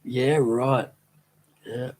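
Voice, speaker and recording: A man's voice: mid-range voice, flat delivery, drawn-out words, a little mellow. A man chatting casually on a live stream, rambling fondly and laughing easily. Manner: rambling, fond and easily amused. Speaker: streamer talking to chat.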